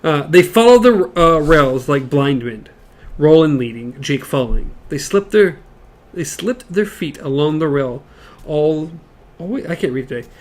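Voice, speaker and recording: A man co-hosting a casual book discussion podcast, reading passages aloud haltingly with stumbles and side comments. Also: a little high, animated. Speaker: podcast co-host.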